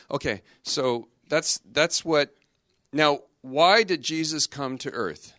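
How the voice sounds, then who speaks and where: A middle-aged man, a religious brother, giving a lively youth talk in a conversational, joking way full of rhetorical questions. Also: fairly high pitch, takes it slowly, dry recording, studio quality.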